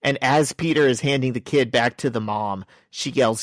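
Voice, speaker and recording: Man, podcast co-host, jokey recapper, mid-pitched voice, close dry mic. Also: normal speed, dry recording. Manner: joking, summarizes plot and reads out dialogue. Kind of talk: casual comic book discussion.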